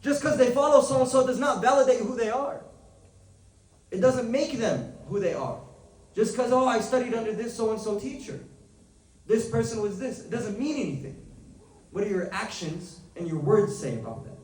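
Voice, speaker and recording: High-voiced male teacher in an echoey room. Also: expressive, darkish tone. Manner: conversational, asks the class questions, switches to rapid text reading. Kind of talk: classroom lesson. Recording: echoey room, mic at a distance.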